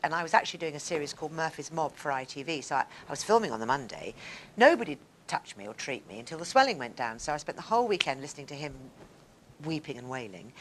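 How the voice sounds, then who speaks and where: An older woman telling personal stories expressively to a live audience, acting out the scenes. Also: deep voice. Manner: expressive, animated, acts out scenes. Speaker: guest speaker on stage. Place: stage before a live audience.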